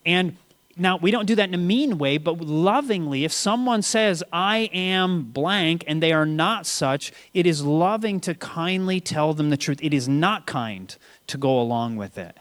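A man telling a personal story about faith at a quick storytelling pace, acting out quoted voices. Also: fairly high pitch, expressive. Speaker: Christian speaker. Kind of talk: telling a story in a panel talk.

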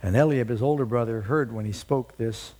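A man's voice: medium pitch, fairly quick, a little mellow. A male preacher giving a sermon, retelling a story with dramatic storytelling and rhetorical questions.

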